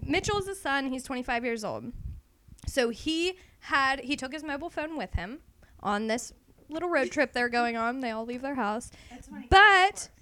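A woman hosting a casual podcast, telling a true crime story with frequent laughter and an animated manner. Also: sits high, normal speed. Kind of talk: casual chat.

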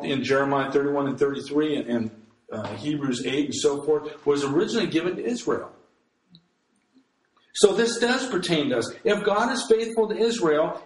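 Male pastor mid-sermon, emphatic, slightly high voice, roomy echo. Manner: earnest, emphatic, with frequent restarts.

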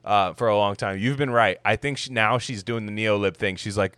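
A man's voice: lowish voice, a little fast, fairly bright tone, clear, resonant tone, no room sound. A man in joking casual chat about politics, slipping into mock voices for laughs.

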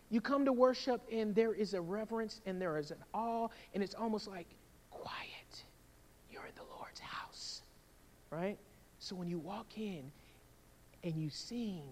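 A man preaching a sermon in a church, in a lively conversational way that keeps checking in with a "right?". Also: high-pitched, big-room sound. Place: church sanctuary.

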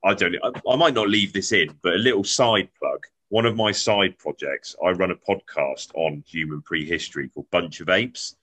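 A man hosting a podcast, talking in a halting, hesitant way over a video call. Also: low-pitched, bright, forceful tone, husky. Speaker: podcast host. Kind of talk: casual interview chat.

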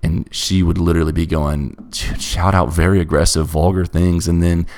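A man's voice: low-pitched, flat delivery, moderate pace, a little mellow. A young man telling a bizarre personal story in a casual chat, emphatic and restless. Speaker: storyteller guest.

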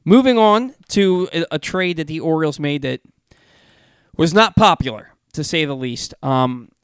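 Male sports radio host, animated and stumbling, dry close studio mic. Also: fairly high pitch, moderate pace, clear, resonant tone, no echo. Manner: animated, stumbles over words.

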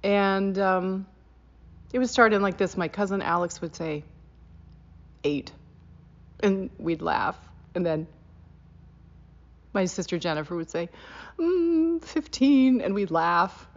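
Lively woman telling a family story. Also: a little slow, pauses often. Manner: animated, laughing, rising in pitch on quoted lines. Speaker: guest sharing a holiday memory. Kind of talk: casual storytelling. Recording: dull lo-fi sound.

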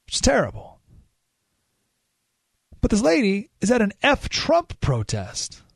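A male radio talk show host tells a story with a lively delivery and a slightly high voice. He rises sharply in pitch whenever he acts out quotes. His studio mic sounds close and dry, with no room echo. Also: a little slow, creaky, slightly rough.

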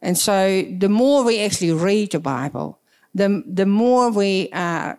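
A woman's voice: mid-range voice, expressive, unhurried, darkish tone. A woman on a church panel, earnestly explaining scripture and quoting verses.

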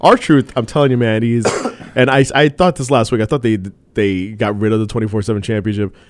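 A man's voice: mid-range voice, brisk, no echo. A man co-hosting a casual wrestling chat, who laughs often and restarts his sentences. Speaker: podcast co-host.

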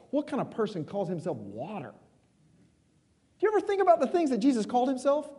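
A man preaching a sermon in a conversational, emphatic way, dropping suddenly quiet at moments. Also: on the high side, very animated, a little fast, breathy edge, big-room sound. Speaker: pastor.

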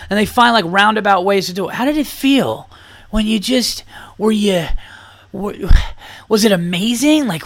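A man's voice: high-pitched, vocal fry. A man hosting a podcast, rambling and swearing through a comedic rant. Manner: rambling, profane, animated ranting. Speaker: podcast host. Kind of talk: comedic monologue.

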